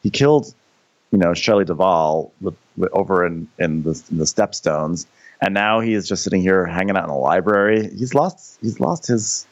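A man's voice: low voice, lively intonation, moderate pace. A man co-hosting a podcast, chatting casually and riffing with wry jokes about an episode. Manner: wry, riffs in joking impressions. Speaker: podcast co-host. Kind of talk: casual recap chat. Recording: dull lo-fi sound.

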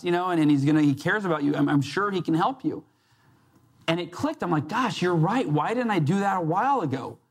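A man giving a motivational talk to a live audience, telling a personal story and acting out the quoted voices. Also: on the high side. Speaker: success coach and speaker.

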